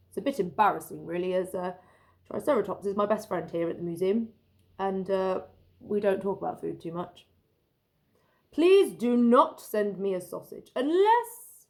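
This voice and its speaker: A woman voicing a boastful male T-Rex, reading his letters aloud for a children's story. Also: mid-range voice.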